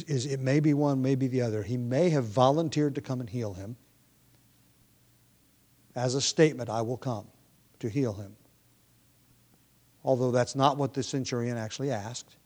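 A man's voice: mid-range voice, normal speed, pauses often, dark tone. A man giving an expository Bible lesson, thinking aloud with frequent restarts and fillers. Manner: thoughtful, self-correcting, many restarts and fillers. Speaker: Bible teacher.

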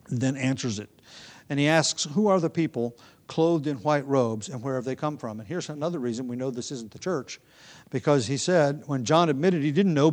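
A man with a voice on the high side teaches through a Bible passage in sermon style. He explains it step by step, often restarting and adding asides.

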